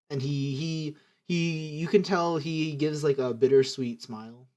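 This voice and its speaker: A man's voice: a little high, fairly even intonation, a little slow, few pauses, a little mellow. Man running a tabletop game. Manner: hesitant narration with many restarts. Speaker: game master.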